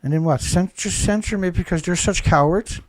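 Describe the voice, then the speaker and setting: An angry man rants through his live show, throwing insults and firing rhetorical questions. His voice sits a little high and is lightly congested. The recording is dry and close, with no room sound. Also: fairly quick, dry recording. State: congested, blowing nose. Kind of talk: impassioned live commentary.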